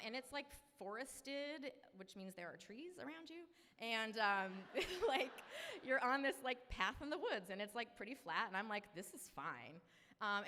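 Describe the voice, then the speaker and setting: A woman's voice: medium pitch, sharp tone, long reverb tail. A woman in her thirties from Maine, telling a personal story to a live audience in a chatty, self-deprecating way. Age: 30s. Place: live event venue.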